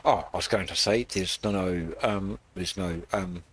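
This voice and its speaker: A man hosting a gaming channel, casually talking through his game build in a rambling, halting way with many fillers. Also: low voice, fairly bright tone. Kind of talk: casual gameplay walkthrough.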